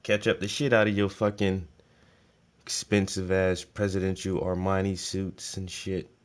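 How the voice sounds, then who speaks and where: A man's voice: low-pitched, little pitch movement, a little slow, clean tone. A man chatting casually while painting, telling laid-back, profane stories. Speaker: painting vlogger. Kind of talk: casual rambling chat.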